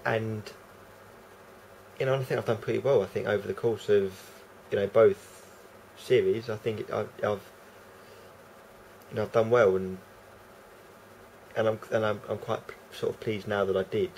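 A man's voice: fairly low pitch, steady tone, normal speed, gravelly, long pauses, a little mellow, slight background noise, poor audio. A man with a London accent rambling unscripted to camera, hesitant and full of fillers. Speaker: vlogger. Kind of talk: casual unscripted monologue to camera.

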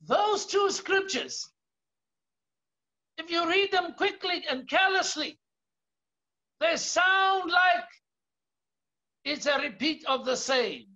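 A man's voice: very high voice, animated, takes it slowly, pauses often, sharp tone. A South African man preaching a sermon as pastor, emphatic, often raising his voice and drawing out key words. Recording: dull lo-fi sermon recording.

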